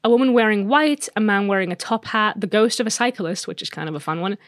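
A woman's voice: medium pitch, no echo, clean studio sound. A woman co-hosting a casual podcast, playfully teasing as she tells a spooky story. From England. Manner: playful, teasing, dramatic pauses. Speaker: podcast co-host.

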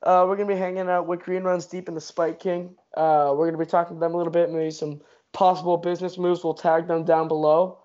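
A man's voice: a little high, flat delivery, fast, few pauses, a little mellow. Hyped man, lo-fi sound. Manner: hyped, joking banter. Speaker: podcast co-host. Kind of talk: casual chat. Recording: dull lo-fi recording.

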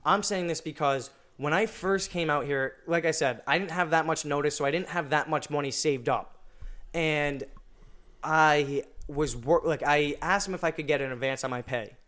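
A man's voice: fairly high pitch, moderate pace, a bit bright. A young man telling a story in casual chat, rambling with many fillers and restarts. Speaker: podcast guest.

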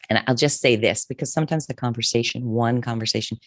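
Middle-aged woman guest, therapist type, heartfelt and expressive storyteller, dry close mic. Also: a bass voice, fast talker, dry recording. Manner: emotional, expressive, restarts often. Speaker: therapist and coach, author. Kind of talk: candid interview storytelling.

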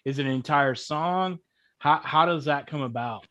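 A man's voice: on the high side, normal speed, a bit bright, dull audio. A man hosting an interview, asking questions and making self-deprecating jokes. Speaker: podcast host. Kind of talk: casual interview chat.

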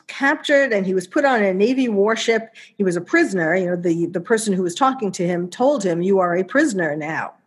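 A woman with a New York accent giving casual spoken commentary, chatty, with many fillers and restarts. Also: mid-range voice.

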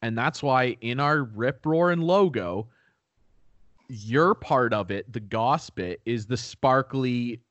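A young man co-hosting a casual podcast, rambling through stories and acting out quotes in high squeaky voices. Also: slow, no echo, dull audio. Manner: rambling, animated storyteller who acts out quotes in high voices. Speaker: podcast co-host. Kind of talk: casual chat. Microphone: new podcast microphone.

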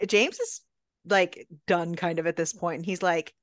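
Low-voiced woman recapping a novel, acts out every line, dry mic. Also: normal speed, no room sound. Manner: animated retelling, acting out characters' lines. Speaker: podcast co-host. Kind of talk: casual book-club chat.

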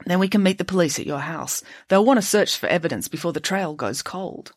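Woman voicing a deadpan schoolgirl detective, crisp and dry. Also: fairly low pitch, a little fast, no room sound. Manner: precise, dry, matter-of-fact. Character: clever deadpan teenage girl detective.

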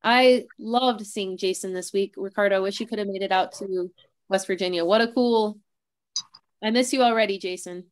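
A woman's voice: mid-range voice, moderate pace, no room sound. A woman hosting a podcast on a video call, chatting and reading out announcements in a rambling, casual way. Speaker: podcast host.

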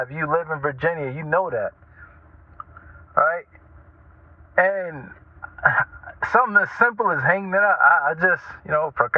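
A man telling casual stories as a radio talk host, animated and chatty, often checking in with the listener. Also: on the high side, no room sound. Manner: animated, chatty, keeps asking "right?". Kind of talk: casual storytelling monologue. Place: lives in Norfolk, Virginia. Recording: tinny phone-like line, dry.

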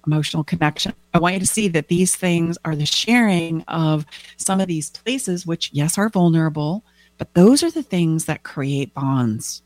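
Woman, relationship coach, animated, acts out dialogue, lower voice, dry sound. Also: dry recording. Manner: animated, acts out quoted dialogue with big pitch jumps. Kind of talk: teaching talk with acted examples.

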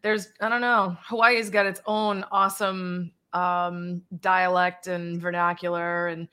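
A woman in her forties from Massachusetts chats as a podcast guest, her voice bright and forward. She tells stories playfully with lots of laughter, speaking without a regional accent. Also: fairly low pitch, measured pace, smooth. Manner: animated, laughing, playful storyteller. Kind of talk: casual interview chat.

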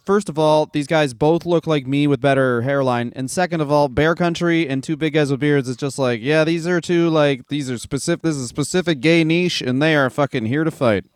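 A young man co-hosting a comedy podcast, riffing in a jokey, profane, animated way. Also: on the high side, fairly quick, hardly any pauses, no room sound. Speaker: podcast co-host. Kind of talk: casual comedic chat.

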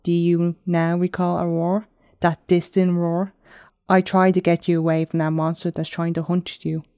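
A woman voicing a calm, smug enchantress who can turn into a wolf, speaking in cryptic warnings. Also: fairly low pitch, moderate pace, clear, resonant tone, dry recording, studio quality, close to an everyday voice. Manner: calm, cryptic, mildly mocking.

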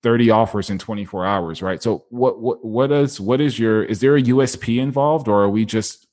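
A man's voice: on the low side, normal speed, a little mellow. A man hosting an interview, reacting with enthusiasm and asking long rambling questions. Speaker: podcast host.

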